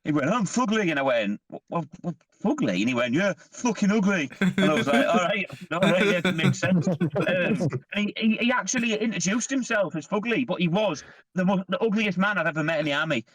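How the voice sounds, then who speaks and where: A man's voice: sits high, fairly quick, hardly any pauses, a bit bright, dry recording. A man, a podcast host, telling sweary army stories in casual chat. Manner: sweary, laughing storyteller.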